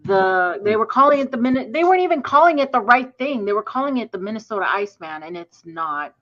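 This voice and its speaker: A woman co-hosting a podcast, talking casually and brisk, sounding exasperated. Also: fairly high pitch, animated, a bit bright, lo-fi sound. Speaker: podcast co-host.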